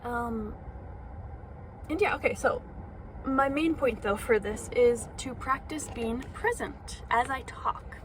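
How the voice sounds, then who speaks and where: A woman's voice: fairly high pitch, slow, slight background noise. A young woman vlogging from inside a parked car, rambling and self-conscious with lots of fillers, talking into her phone. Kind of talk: casual vlog monologue.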